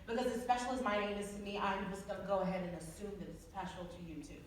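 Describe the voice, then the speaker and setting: A woman in her thirties on a book tour, telling stories casually to a live audience, laughing often and jumping up in pitch when exasperated. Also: fast talker. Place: event hall with an audience. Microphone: audience camera recording from afar. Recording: echoey hall recorded from far off with crowd noise.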